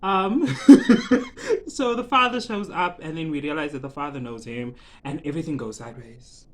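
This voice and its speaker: A vlogger tells the story of a series in a casual, theatrical way. The pitch swings widely, and rhetorical questions and bursts of laughter come often. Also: huge pitch swings, normal speed, a crowd in the background. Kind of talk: casual animated series recap.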